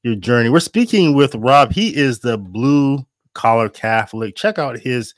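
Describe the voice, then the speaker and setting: A man's voice: mid-range voice, animated, a little slow, no echo. Man, interview host, casual, friendly, dry recording.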